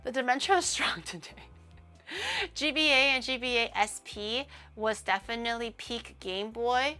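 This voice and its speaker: A woman's voice: on the high side, normal speed, bright, forceful tone, faint music behind. A woman streamer chatting casually on a livestream, ranting and swearing freely with a laugh.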